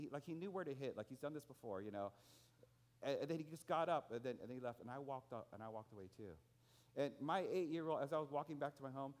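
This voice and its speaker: A man's voice: medium pitch, a little mellow. A man preaching a sermon in a conversational way, telling personal stories and asking his listeners rhetorical questions with a frequent "right?". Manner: tells personal stories with restarts and rising emphasis. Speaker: pastor.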